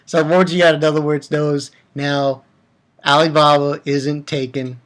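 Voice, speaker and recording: A man hosting a casual manga review vlog. He laughs often and swings between loud outbursts and mumbled asides. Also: on the high side, level tone, measured pace. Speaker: manga reviewer, channel host.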